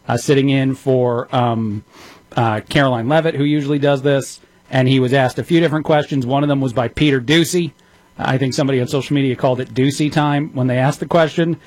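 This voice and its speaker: A man's voice: mid-range voice, a little mellow, no echo. A man in his thirties hosting a talk radio show, chatty and self-deprecating, with many fillers. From Texas. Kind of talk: casual talk radio monologue.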